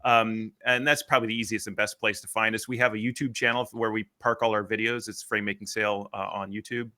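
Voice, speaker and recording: Fast, bright-voiced man telling a story. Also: fairly low pitch. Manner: animated, acts out quotes, rants. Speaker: guest, sales author. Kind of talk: storytelling in a podcast interview.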